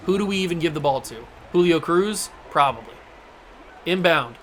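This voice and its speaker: A young man hosting a gaming channel, commenting casually on his basketball video game and breaking into excited play-by-play shouts at big plays. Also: a little high, moderate pace, faint music behind.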